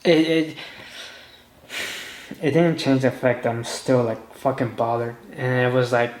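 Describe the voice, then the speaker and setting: A man's voice: mid-range voice, unhurried, a little mellow, roomy sound, rough recording. A man rambling through a personal story in a monologue. He often restarts and quotes himself and others. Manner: rambling, full of restarts and quoted inner speech. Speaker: podcast host.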